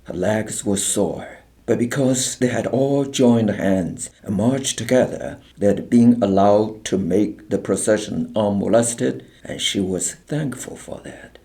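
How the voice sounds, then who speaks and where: Slow, gravelly male audiobook narrator. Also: lowish voice, dark tone.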